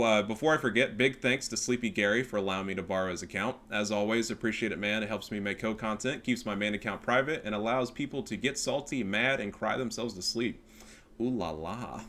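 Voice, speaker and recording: Bright-voiced crude joking game commentator. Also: male voice, fairly low pitch, fast, hardly any pauses. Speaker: gameplay commentator.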